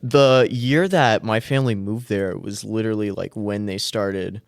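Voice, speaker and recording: Soft-spoken teenage boy, dry sound. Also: on the low side, moderate pace, gravelly, dry recording. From Kentucky. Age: teens. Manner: soft-spoken, brief answers, laughs easily. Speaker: high school student guest. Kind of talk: casual interview chat.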